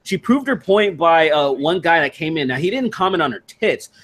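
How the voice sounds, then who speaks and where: A man hosting a casual video-call chat, rambling with lots of fillers and restarts, crude and quick to laugh. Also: a little high, lively intonation, a bit bright. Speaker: streamer hosting a patron hangout.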